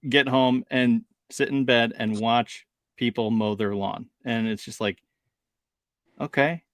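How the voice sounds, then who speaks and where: Host, a woman with a strikingly low voice, animated and easygoing, recorded dry. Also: slow pace, dry recording. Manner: relaxed, laughs often, relays viewer messages. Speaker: show host. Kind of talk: casual chat on a stream.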